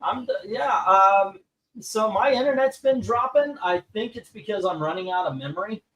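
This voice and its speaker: A man's voice: high voice, moderate pace, fairly bright tone, recorded from a distance, rough recording. A man hosting a live comic book auction stream, chatting casually and rambling with many filler words. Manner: rambling, full of filler words, self-mocking.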